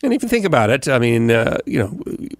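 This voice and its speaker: A man who hosts a morning radio show talks through his daily recap in a loose, rambling way. He stops for fillers and restarts his sentences often. His voice is mid-pitched and sits on a dry, close mic. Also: sing-song, a little fast, dry recording. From United States. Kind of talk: casual podcast recap monologue.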